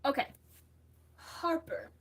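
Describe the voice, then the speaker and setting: A woman's voice: takes it slowly, fairly bright tone. A young woman from the United States hosting a casual livestream, reading viewer comments aloud and answering them chattily. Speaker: livestream host.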